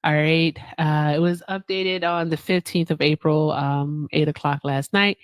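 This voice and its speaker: A chatty woman hosting a live stream, speaking in with a slightly low voice. She reads messages from her chat and gives shout-outs. The sound is dry and close. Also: fairly even intonation, unhurried, hardly any pauses, clear, resonant tone, no echo. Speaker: livestream host.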